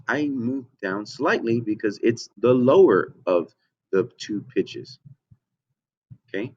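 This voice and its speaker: A man teaching a children's music lesson online, patient and slow, often checking in with "okay?" and switching into a high falsetto to sing. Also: lively intonation, a little mellow, lo-fi sound.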